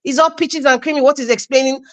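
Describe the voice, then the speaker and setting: A woman's voice: sits high, steady tone, fast talker. A woman speaking as a panelist in a heated political discussion on a live online stream, passionate and emphatic, often repeating herself.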